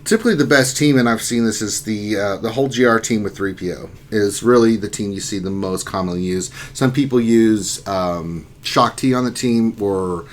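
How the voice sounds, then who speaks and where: A man's voice: on the low side, moderate pace, hardly any pauses. A man hosting a casual livestream chat, joking around and reading viewer comments aloud. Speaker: livestream host.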